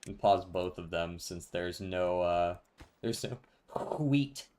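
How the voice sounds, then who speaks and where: A man with a fairly low voice talks his way through a building game on stream. His delivery is loose and conversational, answering chat as he plays. He laughs easily and keeps a relaxed tone. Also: slow, slight background noise. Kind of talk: casual gameplay commentary.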